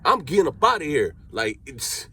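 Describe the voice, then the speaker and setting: With a fairly high, gravelly and husky voice at normal speed, a young Cleveland man narrates a lively tale in street slang, voicing each person's lines himself.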